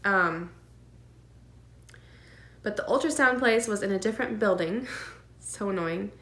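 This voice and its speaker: A woman's voice: medium pitch, measured pace, a bit bright. A woman vlogging about her pregnancy, telling a personal story in an earnest, emotional way with lots of fillers and nervous laughs. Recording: echoey room.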